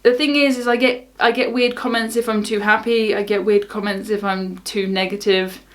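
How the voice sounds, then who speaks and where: A woman's voice: medium pitch, level tone, moderate pace. A young woman from the south of England with a southern English accent, chatting casually to camera as a cruise vlogger in a wry, unbothered way. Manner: wry, unbothered, laughs things off.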